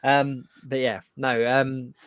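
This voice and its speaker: A man's voice: medium pitch, flat delivery, slow, fairly bright tone, smooth, no room sound, lo-fi sound. A man with a Geordie accent hosting a casual podcast chat, laughing and reading out viewer comments. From North East England. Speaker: podcast host.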